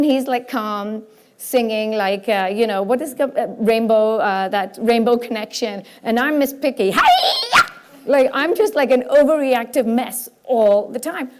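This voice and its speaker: A woman giving a lively, self-mocking talk from a stage to a live audience at a spiritual conference. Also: on the high side. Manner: animated, self-mocking, breaks into quick voices for examples. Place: stage before a large audience.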